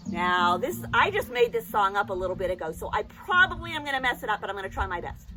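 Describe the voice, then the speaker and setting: A woman teacher giving a children's phonics lesson, speaking clearly and encouragingly and breaking into song with the kids. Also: medium pitch, sing-song, quick pace, hardly any pauses, bright, forceful tone, faint music behind.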